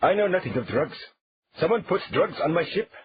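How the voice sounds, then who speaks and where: A man voicing a burly foreign ship captain who protests loudly in broken English. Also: on the high side, very animated, moderate pace, a crowd in the background, voice pushed up. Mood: protesting. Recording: dull lo-fi audio.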